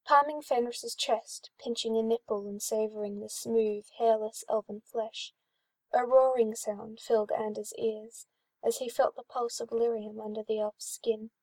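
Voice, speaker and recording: A woman reads a fan-written story aloud with an even, smooth manner. Her voice sits a little high, and the recording is dry with no room sound. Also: a little slow, dry recording. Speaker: story reader. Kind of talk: reading fan fiction aloud.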